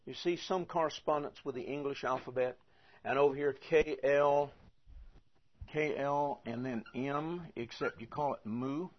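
A man's voice: mid-range voice, unhurried, dull audio. A man teaching a lesson, patiently repeating and spelling things out as he goes. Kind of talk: teaching the Greek alphabet.

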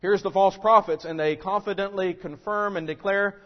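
A man preaching a sermon in a fairly high voice, pushing his points with loud rhetorical questions before sinking low and quiet. His voice carries a long reverb from the sanctuary. The recording sounds dull and muffled. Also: steady tone, moderate pace. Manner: emphatic, rising to loud rhetorical questions then dropping low. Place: church sanctuary.

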